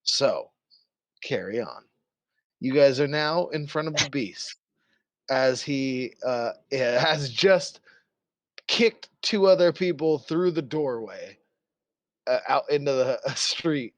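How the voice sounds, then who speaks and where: A man's voice: medium pitch, slow, no room sound. Young guy running a tabletop game, loose rambling narration, dry close sound. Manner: loose, filler-heavy storytelling. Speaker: game master.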